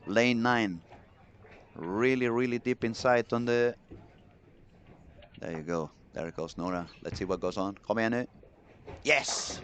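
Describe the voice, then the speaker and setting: Excitable male bowling commentator. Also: mid-range voice, a little hiss or hum. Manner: chatty, excitable, reads chat messages aloud. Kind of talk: live sports commentary.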